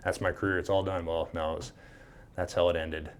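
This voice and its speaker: Animated storytelling man, low voice. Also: a little fast, slight background noise. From Minnesota. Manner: animated, swears freely, acts out quoted dialogue. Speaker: podcast guest. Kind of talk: casual storytelling.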